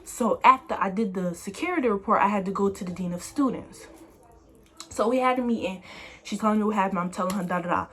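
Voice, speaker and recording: A young woman vlogger telling a story in a casual, slangy, animated way. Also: mid-range voice. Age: young adult.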